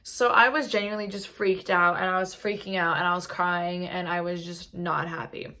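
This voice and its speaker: A woman's voice: lowish voice, fairly even intonation, normal speed, bright, forceful tone. A young woman telling a storytime vlog in a chatty way, leaning on "like" a lot. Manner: chatty, heavy use of "like". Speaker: vlogger. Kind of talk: casual storytime. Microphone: camera mic.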